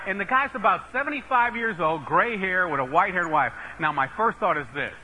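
A middle-aged preacher man from the northeastern US tells a sermon story with lively, emphatic energy and a self-mocking streak. His voice sits a little high and rings very bright and forceful. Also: fairly quick, hardly any pauses, slight background noise, rough recording. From northeastern United States. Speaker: Baptist preacher.

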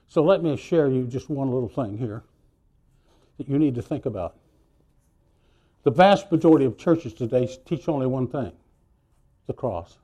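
Animated preacher with a mellow voice. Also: male voice, fairly high pitch. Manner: animated storytelling with sudden loud and soft swings. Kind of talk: sermon.

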